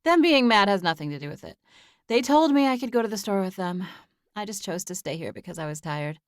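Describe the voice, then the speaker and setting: A woman's voice: medium pitch, lively intonation, a little fast, no echo, natural voice. Brief: woman playing a tired, apologetic young woman; dry, close studio read.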